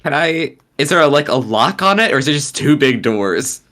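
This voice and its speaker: A woman's voice: low voice, expressive, normal speed, a bit bright. A woman playing a tabletop game, giggly and jokey. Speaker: player.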